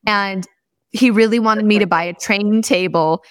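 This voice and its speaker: A woman hosting a podcast, chatting casually and telling animated stories, acting out the quotes of the people in them. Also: mid-range voice, measured pace, no echo. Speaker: podcast host. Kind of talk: casual chat.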